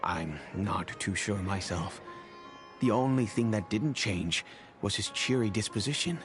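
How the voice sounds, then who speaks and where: Over game music, a man voices a wealthy, kindly middle-aged father in cutscene dialogue, recounting the past in a measured, reflective way. His voice is lowish and animated.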